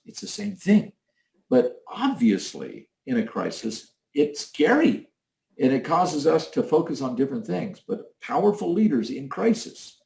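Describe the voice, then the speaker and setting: Gravelly male leadership trainer, echoey. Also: medium pitch, a little mellow. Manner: coaching, emphatic, demonstrates tones of voice. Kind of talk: recorded leadership training talk. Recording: echoey room.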